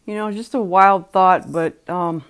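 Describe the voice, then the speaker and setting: A woman's voice: medium pitch, steady tone, unhurried, fairly bright tone, slight background noise. A woman hosting a reaction video, commenting casually with musing, speculative asides.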